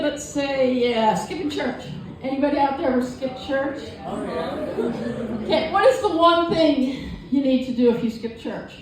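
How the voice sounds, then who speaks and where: A woman with a high-sitting voice does stand-up on a comedy club stage, telling stories animatedly and dropping voiced asides. The echoey live recording is taken from far off, with the audience laughing throughout.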